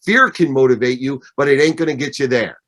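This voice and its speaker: A man's voice: mid-range voice, fairly quick, a bit bright. A man in his fifties giving a motivational talk as guest speaker, emphatic and repeating his points in threes. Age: 50s. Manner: emphatic, repeats phrases in triplets. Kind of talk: motivational speech.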